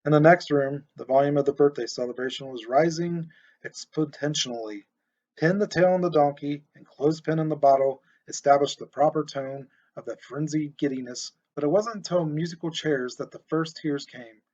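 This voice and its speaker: A man narrates an audiobook in a steady, expressive voice that sits a little high for a man. The recording is muffled and lo-fi, with dull treble. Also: moderate pace.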